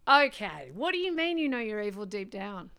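A woman interviews a guest in a relaxed chat. Her voice sits at an everyday middle pitch. She teases and reacts with playful disbelief. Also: normal speed. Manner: teasing, incredulous questions. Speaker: interviewer, host.

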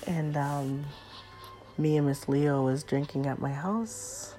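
A woman's voice: low-pitched, slow, dark tone, soft background music. A woman chatting casually and confidingly to her viewers, telling a personal storytime confession. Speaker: storyteller vlogger.

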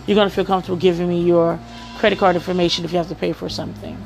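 A woman's voice: lowish voice, fairly even intonation, racing, gravelly, over music. A woman hosting a podcast, giving work advice in a casual monologue, often checking in with "okay?" and "right?".

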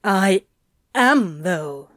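A woman's voice: mid-range voice, expressive, very slow, a bit bright, no room sound. Sardonic young salesman, dry wit; a woman narrator does him. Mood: sarcastic. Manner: dry, sarcastic.

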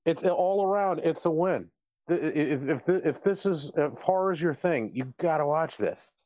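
Co-host, enthusiastic, halting, slightly muffled, dry. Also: male voice, a little high, no echo. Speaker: podcast co-host. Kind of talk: casual chat. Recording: slightly dull dry sound.

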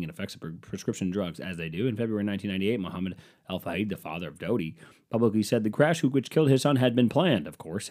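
Man, lowish voice, rambling comic monologue, profane, sarcastic asides. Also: a little mellow.

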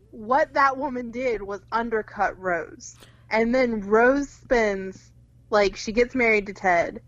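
A young woman co-hosting a casual podcast about a film, animated and swearing freely. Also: medium pitch, no room sound, lo-fi sound. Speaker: podcast co-host.

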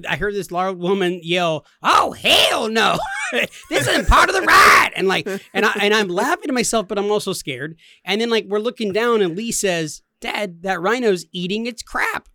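Male podcast co-host, thirties, high and bright, lively storyteller voice, dry sound. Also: no echo. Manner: animated, laughing, acts out quotes. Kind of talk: casual storytelling.

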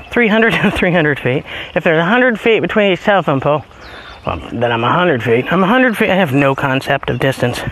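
A man chatting casually as he walks his dogs up a hilly road outdoors, a bit out of breath, now and then calling the dogs in a high sing-song voice. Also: fairly bright tone, slight background noise. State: out of breath from walking uphill. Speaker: podcast host. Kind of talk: casual walking vlog.

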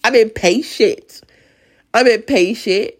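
A woman with a raspy, sinus-strained voice giving an emotional, earnest faith talk as a Bible study leader, stuttering and restarting as she goes. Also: on the high side, slow. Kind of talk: casual devotional talk.

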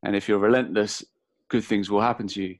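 A man's voice: fairly low pitch, steady tone, no echo. A man with an English accent, hosting a podcast interview, talking in a rambling way and restarting his sentences often. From England. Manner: rambling, halting, with many fillers and restarts. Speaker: podcast host. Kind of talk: casual interview chat.

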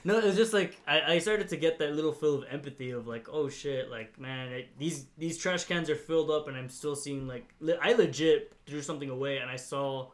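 A young man on a podcast tells a long, rambling story in casual chat, swearing freely and laughing a lot. He leans on fillers like "like" and "you know." His voice sits on the high side and moves fairly quickly with few pauses.

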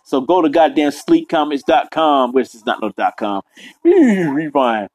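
A man's voice: a little high, big pitch swings, unhurried, darkish tone, no echo, poor audio. A young man hosting his own podcast alone at home, rambling bluntly and swearing constantly in casual talk. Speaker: podcast host. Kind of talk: casual solo podcast rant. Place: apartment room.

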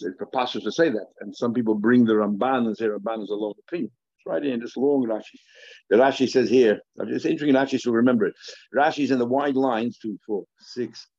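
A man's voice: medium pitch, a little fast, a little mellow, no echo. A man giving a daily Talmud class, thinking aloud, repeating phrases and weaving Hebrew and Aramaic terms into his English. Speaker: Talmud teacher. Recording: dry, dull lo-fi recording.

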